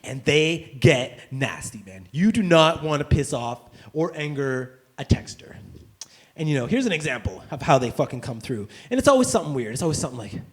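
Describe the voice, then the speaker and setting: A man doing a profane stand-up comedy rant, swinging between muttered asides and shouted outbursts. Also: on the high side, big pitch swings, brisk.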